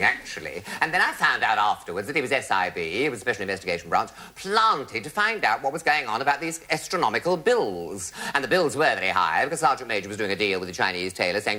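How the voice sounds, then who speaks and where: A man's voice: lowish voice, fast, hardly any pauses. A man telling a comic anecdote to a studio audience, arch and theatrical. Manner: theatrical, arch, animated storytelling. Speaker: comic raconteur.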